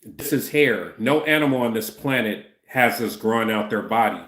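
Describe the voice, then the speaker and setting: A man's voice: fairly low pitch, animated, moderate pace, a bit bright, reverberant. A man in his fifties chatting loosely on a livestream, answering viewers' chat comments and often tacking on "you know what I'm saying". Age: 50s.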